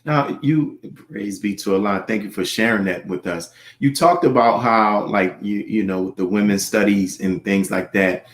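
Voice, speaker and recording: Man host in a roomy echo. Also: fairly low pitch. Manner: halting, restarts questions, soft affirmations. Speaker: interview host. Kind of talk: interview questions.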